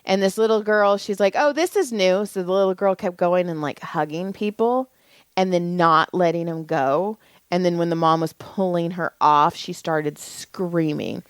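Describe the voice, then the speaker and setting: A woman's voice: lowish voice, normal speed, smooth, no room sound. A woman in her forties telling rambling, profane stories in casual chat as podcast co-host. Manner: rambling storyteller, swears freely.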